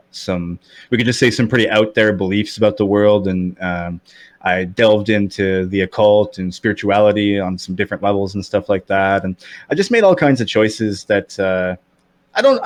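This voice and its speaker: Deep-voiced man with a slight lisp. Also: no echo. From Canada. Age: 30s. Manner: rambling, candid, many fillers and restarts. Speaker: podcast guest. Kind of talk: casual chat.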